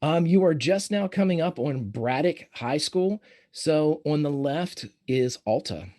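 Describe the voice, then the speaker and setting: A man's voice: fairly high pitch, expressive, warm tone. A man narrating scenes and calling for dice rolls as game master of a tabletop game. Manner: descriptive, unhurried, calls for rolls.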